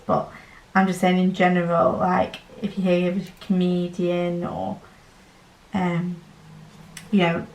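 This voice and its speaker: A woman's voice: lowish voice, darkish tone, roomy sound, poor audio. A young woman with a Yorkshire accent, chatting casually and rambling with lots of fillers while she works on a craft project for her channel. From Northern England. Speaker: diamond painting channel host.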